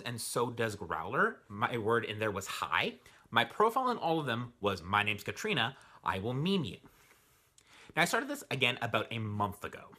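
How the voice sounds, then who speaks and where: A man's voice: medium pitch, bright, forceful tone. A young man giving a sarcastic, profane video essay as a vlogger. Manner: sarcastic, swears freely.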